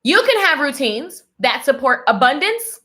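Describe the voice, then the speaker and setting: A woman's voice: high-pitched, big pitch swings, a little slow, pushed and bright. A woman hosting a motivational live stream, talking animatedly and in a preachy tone, calling her viewers darling. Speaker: livestream host.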